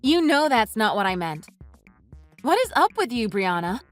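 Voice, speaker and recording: A woman's voice: fairly high pitch, big pitch swings, moderate pace, faint music behind. A woman voicing a polite, hurt young mom. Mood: earnest. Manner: earnest, conciliatory. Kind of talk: texting story voice-over.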